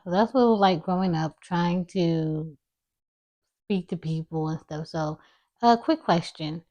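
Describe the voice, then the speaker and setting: Soft-spoken young woman, mumbling low. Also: unhurried, highs cut off. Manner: low, mumbling speech with a slight lisp. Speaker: vlogger. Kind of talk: casual personal storytelling to camera.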